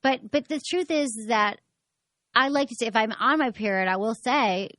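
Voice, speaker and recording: A woman's voice: a little high, expressive, moderate pace, a bit bright, dry recording. A woman hosting a sex advice podcast in casual, frank chat. She is chatty and often acts out the voices of the people she quotes.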